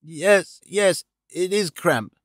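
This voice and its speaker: A man voicing a male detective pretending to be dying, speaking faintly and slowly with gasps. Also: high-pitched, no echo, studio quality, full character voice. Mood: feeble. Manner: faint, gasping, slow.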